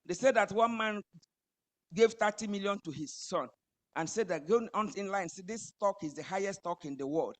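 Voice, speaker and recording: A woman preaching a sermon, building emphatically to loud high climaxes. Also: moderate pace.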